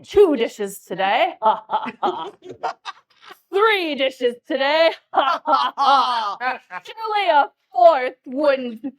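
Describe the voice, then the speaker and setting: A vain countess brags about her own brilliance, as a woman improvises her. She speaks slowly, and her high voice swoops up and down. She cackles between her boasts. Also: sing-song, full character voice. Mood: bragging. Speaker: player in live improv tabletop game. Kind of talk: live improvised character play.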